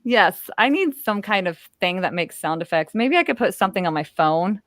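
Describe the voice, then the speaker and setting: A playful woman in her thirties hosts a live-streamed trivia game from home. Her pitch leaps around as she slips into silly squeaky voices and laughs. The sound is dry and close to the mic. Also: sing-song, normal speed, a bit bright, dry recording. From Northern California. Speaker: host.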